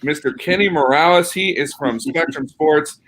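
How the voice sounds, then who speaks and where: A man's voice: a little high, normal speed, a bit bright. A man hosting a casual sports podcast in an upbeat, joking manner. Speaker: podcast host.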